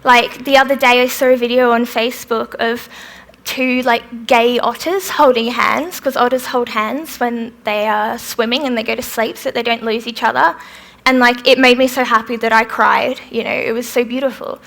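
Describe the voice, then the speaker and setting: A woman's voice: on the high side, steady tone, moderate pace, gravelly, a bit bright. A young woman from Australia whose accent has a British tinge, chatting bubbly and candid as she answers questions at a live talk. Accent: Australian with some British influence. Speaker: festival speaker.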